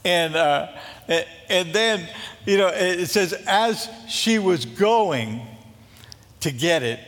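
A man preaching a sermon as a pastor, telling a Bible story in a lively, joking way and acting out what the characters say. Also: sits high, takes it slowly, in a large hall. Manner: animated, jokey storytelling that acts out scripture quotes.

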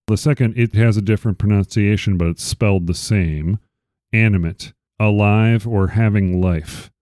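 A man hosting a podcast, reading out word definitions deliberately and asking questions. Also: fairly low pitch, dark tone, no echo, clean studio sound. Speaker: podcast host. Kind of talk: casual interview chat.

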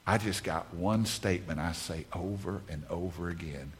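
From a conference stage, a man preaches a sermon emphatically, repeating key phrases over and over. His voice sits low, and his pace is moderate.

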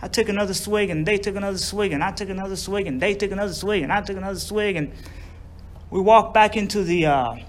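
A man's voice: high-pitched, fast, slight background noise. A man telling a personal recovery story in a rambling, profane way, with many fillers and chuckles. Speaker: speaker sharing a recovery story.

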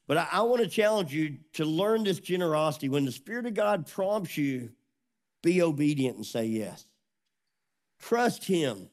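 A middle-aged man preaching a sermon as a pastor, telling a story with lively acted-out dialogue. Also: on the high side. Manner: animated storytelling, acts out dialogue.

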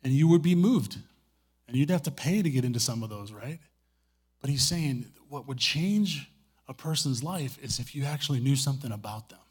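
A man's voice: medium pitch, lively intonation, normal speed, darkish tone, slightly rough. A middle-aged man preaching in a church, telling stories in a conversational way and pleading earnestly with the congregation. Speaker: pastor. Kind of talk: sermon. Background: guitar playing.

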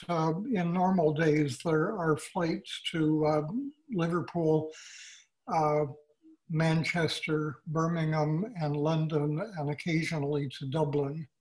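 Older man from Canada, flat even voice, measured and halting interview guest. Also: a little high, rough recording. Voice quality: measured, halting with many fillers. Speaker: author guest. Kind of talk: casual interview.

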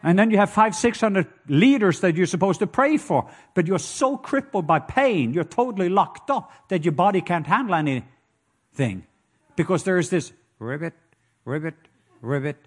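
A man's voice: high voice, very animated, normal speed, husky. A man with a Norwegian accent preaching a sermon, telling stories and joking with the congregation. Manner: storytelling, playful asides to the congregation.

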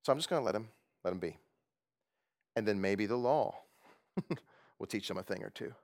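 A man's voice: lowish voice, expressive, normal speed, dry recording, studio quality. A man preaching a conversational sermon who chuckles often and asks his listeners questions. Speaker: pastor.

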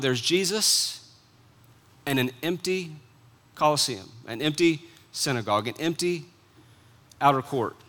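A man preaching a sermon as pastor, earnest, dropping to soft hushed lines and rising to emphatic ones. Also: fairly high pitch.

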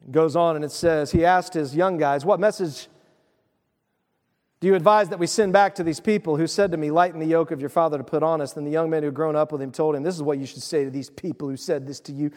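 High-voiced animated preacher, man, reverberant hall. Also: fast talker. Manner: animated, acts out voices of biblical figures. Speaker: pastor. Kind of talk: sermon.

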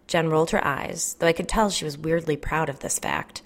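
A woman with a somewhat low voice narrates a first-person story. She keeps her narration quiet and understated, reading in measured storyteller fashion.

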